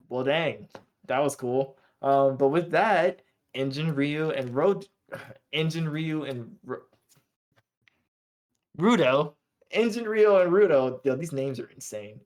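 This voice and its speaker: Slangy man recapping an anime episode. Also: medium pitch. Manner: loose slangy storytelling, acts out characters' lines. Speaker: podcast co-host.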